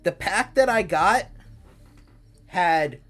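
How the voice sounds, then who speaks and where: A livestreamer chatting casually with viewers from a home setup, animated and freely swearing when ranting. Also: mid-range voice, extremely slow, soft background music. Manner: soft cooing baby talk to the cat. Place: home streaming room.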